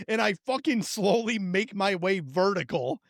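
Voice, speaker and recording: High, gravelly man telling a wild story. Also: normal speed, no echo, clean studio sound. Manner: profane, animated storyteller acting out his own reactions. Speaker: podcast co-host. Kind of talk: casual storytelling chat.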